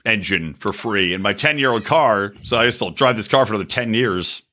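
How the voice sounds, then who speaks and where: A man's voice: on the low side, lively intonation, brisk, pushed and bright. A middle-aged man telling a story in casual chat, swearing freely and acting out both sides of phone calls. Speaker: podcast co-host.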